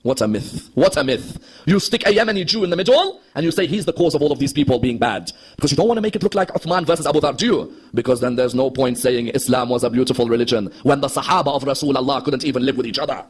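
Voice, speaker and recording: A man's voice: medium pitch, fast talker, few pauses, breathy edge. A man giving an impassioned religious history lecture, asking the audience rhetorical questions and acting out quoted dialogue. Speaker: Shia preacher.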